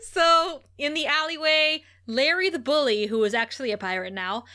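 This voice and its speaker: A woman's voice: sits high, moderate pace, pushed and bright. A woman co-hosting a podcast, recapping an episode in casual chat and laughing often. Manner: giggly and chatty, laughs often. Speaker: podcast co-host.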